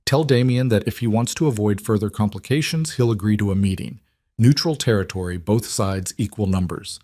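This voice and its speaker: A man voicing a cold, threatening mobster with a smooth, falsely friendly manner in an audiobook reading. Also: fairly low pitch, brisk, warm tone, no echo, lightly acted. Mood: menacing.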